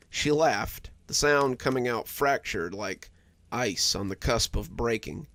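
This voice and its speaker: A man narrating a cozy horror story in a calm, measured storytelling voice. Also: mid-range voice, no echo.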